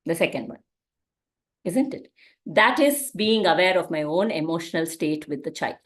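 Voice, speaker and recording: A woman's voice: lowish voice, lively intonation, normal speed. A woman teaching a parenting class in a conversational way, often asking rhetorical questions.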